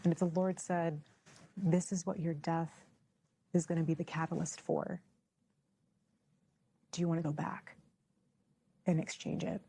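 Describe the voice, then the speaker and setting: Woman guest, hushed half-whisper, dark mellow tone, gravelly edge. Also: low voice, flat delivery, measured pace, long pauses. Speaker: interview guest.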